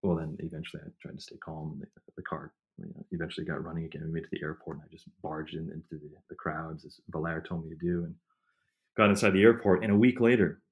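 A man with a very deep voice who talks fast, telling an interviewer about his research. He rambles, circles back and fills gaps with "um" and "you know". It sounds like loose, relaxed conversation. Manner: rambling, many fillers and restarts. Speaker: historian and author, interview guest. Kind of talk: casual conversational storytelling.

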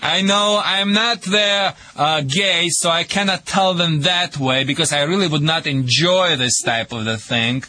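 A man's voice: fairly high pitch, a little slow, few pauses, pushed and bright, dry recording. A man with a Russian accent giving dog training advice on a radio show, joking in broken English with many fillers.

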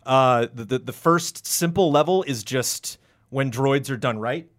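A man in casual podcast chat, rambling and animated, acting out quotes with sudden jumps into a high voice. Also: a little slow. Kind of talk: casual podcast chat about video games.

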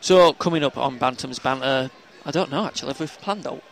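A man with a Yorkshire accent and a medium-pitched, brisk voice co-hosts a casual football podcast. His chat is rambling and jokey, and he laughs often.

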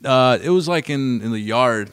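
A man telling a long story in casual chat, animated and swearing often. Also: medium pitch, normal speed, clear, resonant tone, no room sound.

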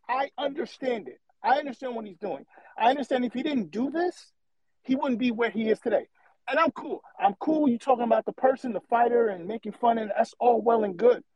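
A man's voice: extremely high pitch, darkish tone, dry recording, rough recording. A man calling in to a show, giving a long, passionate and rambling opinion, often repeating himself. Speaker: caller. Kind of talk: opinionated call-in rant.

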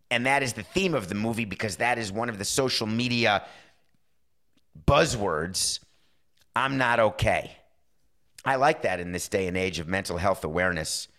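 Male talk-show host, slightly low voice, wry and conversational, acts out quick dialogue. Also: fairly bright tone. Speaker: podcast host. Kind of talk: casual sports talk monologue.

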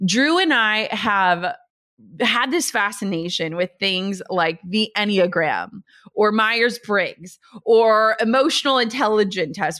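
A woman in her thirties hosting a podcast, talking casually and earnestly and reading sponsor spots. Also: medium pitch. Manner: earnest, animated storytelling. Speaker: podcast host. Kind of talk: casual podcast talk with read ads.

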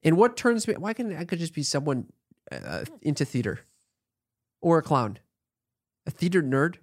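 A man's voice: a little high, very animated, moderate pace, no echo, studio quality. A man co-hosting a podcast in casual chat, swearing and bickering in an exasperated way. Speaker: podcast co-host.

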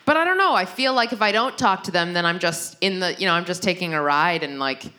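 A young woman performing a stand-up comedy set, rambling and self-deprecating, with frequent restarts and quick asides. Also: lowish voice, animated, pushed and bright.

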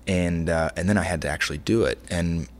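A man's voice: sits low, brisk. A middle-aged man, a chef and restaurant owner, talking in a casual interview, rambling through stories with lots of restarts. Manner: rambling, many restarts, animated storytelling.

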